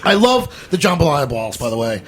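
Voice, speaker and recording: A man's voice: on the high side, big pitch swings, a little fast. A man co-hosting a casual studio chat, wry and joking, with long run-on turns. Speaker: podcast co-host.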